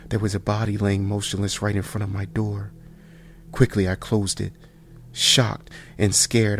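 A man with a deep voice narrates a first-person horror tale, keeping his delivery hushed and deliberate, sometimes sinking almost to a whisper. His pitch stays flat and even throughout. A faint hiss of noise sits under the recording. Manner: slow, hushed, dropping to near whispers.

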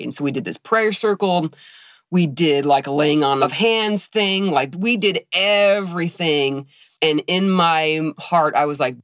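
Woman podcast co-host, animated storyteller acting out quoted dialogue, dry close sound. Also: sits low, a little slow, dry recording. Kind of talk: casual storytelling chat.

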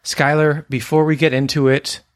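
A man's voice: fairly high pitch, level tone, normal speed. A man co-hosting a podcast in playful casual chat, teasing his co-host and making up food puns.

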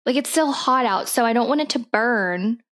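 A woman's voice: a little high, animated, moderate pace, a bit bright. A young woman co-hosting a podcast in casual chat, sounding bubbly and enthusiastic. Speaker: podcast co-host.

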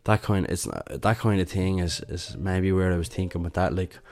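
Young dublin guy rambling thru his podcast, ums and restarts everywhere, low flat voice. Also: moderate pace. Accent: Dublin Irish. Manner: rambling, relaxed, many fillers and restarts. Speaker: podcast host and musician. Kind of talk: casual solo podcast talk.

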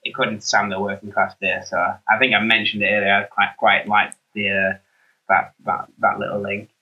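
A young man co-hosting a podcast, chatting casually with halting restarts. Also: fairly low pitch, flat delivery, highs cut off. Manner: halting, restarts often, chuckly. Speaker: podcast co-host. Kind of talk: casual chat.

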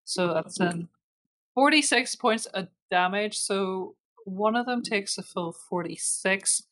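A woman narrating as game master of a tabletop role-playing game, relaxed and giggly with many fillers. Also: mid-range voice, takes it slowly.

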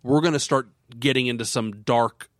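A man co-hosting a podcast, rambling and animated as he retells film scenes in casual chat. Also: mid-range voice, moderate pace, no room sound, studio quality. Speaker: podcast co-host.

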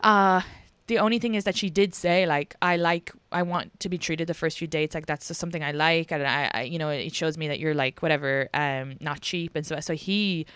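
A woman hosts a casual podcast, talking frankly and swearing freely. Her voice sits fairly low for a woman and is clear and smooth, and the close mic gives a dry sound. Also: a bit bright, no echo. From Ireland. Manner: candid, swears freely, talks in quick bursts. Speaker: podcast host.

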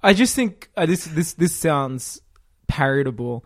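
A man co-hosting a casual games podcast, talking in an animated way, cutting in often and swearing casually. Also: fairly high pitch, measured pace. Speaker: podcast co-host. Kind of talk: casual chat.

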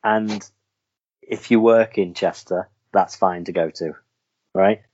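A man's voice: low-pitched, steady tone, slow pace, darkish tone, a little hiss or hum. A man co-hosting a podcast, chatting casually and rambling on about everyday frustrations. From Wales. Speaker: podcast co-host. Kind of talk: casual chat. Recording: dull lo-fi sound.

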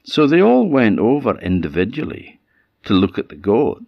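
A man with an Orcadian Scottish accent telling a folk tale in a relaxed, conversational way. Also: fairly low pitch, moderate pace, gravelly, no echo, highs cut off. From Orkney, Scotland. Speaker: storyteller. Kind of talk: oral folk storytelling.

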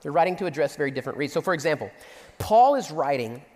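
A man preaching a sermon, reading scripture aloud and acting out the quotes with lively emphasis. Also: a little high, rapid-fire, big-room sound. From Central Texas. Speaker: pastor.

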